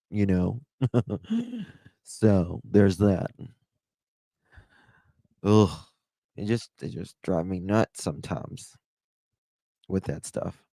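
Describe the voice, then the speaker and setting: A Southern man with a clear twang comments casually on a news clip. He talks slowly in a lowish voice and rambles with asides. The sound is close and dry. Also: warm tone, no echo. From American South. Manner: rambling, chatty, with restarts and asides. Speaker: true crime commentator.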